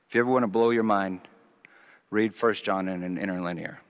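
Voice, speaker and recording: A man preaching a sermon, swinging from quiet musing to loud, emphatic scripture reading. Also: low-pitched, steady tone, a little fast. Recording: long hall reverb.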